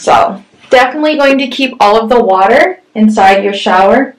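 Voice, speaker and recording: This product reviewer, a young woman whose voice sits on the high side, talks through a shower curtain at a moderate pace. Her vlog is chatty and upbeat, peppered with "um" and "like," and it's recorded in a small home bathroom with an echoey sound from a far-off mic.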